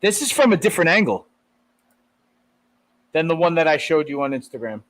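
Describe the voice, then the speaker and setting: A man co-hosting a podcast, chatting casually as he reacts to video clips, excitable and quick to laugh. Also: a little high. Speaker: podcast co-host.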